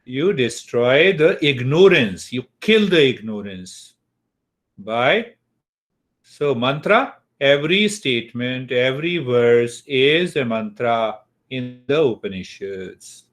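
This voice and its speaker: A man's voice: mid-range voice, expressive, takes it slowly, a bit bright. A man teaching a class on Eastern wisdom. He repeats key words and often checks in with his listeners. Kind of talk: spiritual lecture to a class. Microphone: computer mic, online class.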